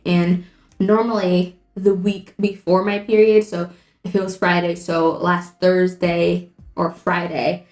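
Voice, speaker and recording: A woman's voice: lowish voice, a little mellow. A young woman and makeup vlogger telling a story in a casual, rambling way while doing her makeup. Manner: chatty and rambling, lots of "like". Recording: echoey room, faint music.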